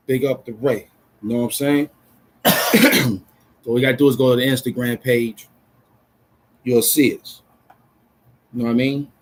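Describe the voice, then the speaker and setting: An adult man from Brooklyn, chatting casually on a livestream in an excitable, rambling way full of street slang. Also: mid-range voice, slightly rough, poor audio. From Brooklyn, New York. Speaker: vlogger.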